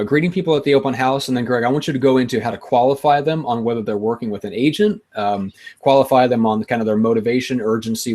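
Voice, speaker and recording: A man hosts a casual podcast chat about real estate. He steers the talk with easygoing prompts and loose, rambling questions. His voice sits at an ordinary mid pitch. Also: a little mellow. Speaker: show host.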